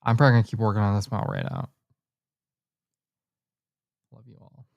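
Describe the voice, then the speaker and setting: A woman's voice: very deep voice, fairly even intonation, fairly quick, a little mellow, dry recording. A woman streamer chatting casually to her viewers, blunt and profane, often talking to herself. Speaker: livestreamer. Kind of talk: casual live-stream chat.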